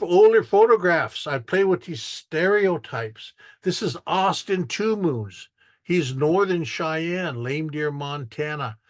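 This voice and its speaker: A man's voice: fairly high pitch, no room sound. An older man giving a casual artist talk, telling stories, repeating words and joking with the audience.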